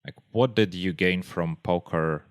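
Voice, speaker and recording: Slow-talking low-voiced male host. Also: clean tone. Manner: brief, unhurried questions and backchannel. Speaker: podcast host. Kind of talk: interview questions.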